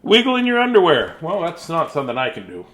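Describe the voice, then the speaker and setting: Middle-aged man, playful bedtime-story reader, raised pitch, very lively sing-song delivery, goofy asides. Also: fast talker.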